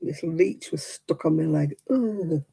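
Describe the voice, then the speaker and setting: Slow and low, with a creaky, warm, breathy-edged voice, a middle-aged woman runs a cosy livestream where she crochets and chats with viewers. She counts stitches aloud and laughs frequently, and the audio is poor.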